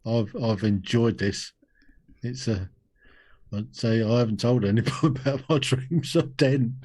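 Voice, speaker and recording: A man's voice: medium pitch, unhurried, dark tone. Dry, brief male podcast guest. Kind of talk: casual interview chat.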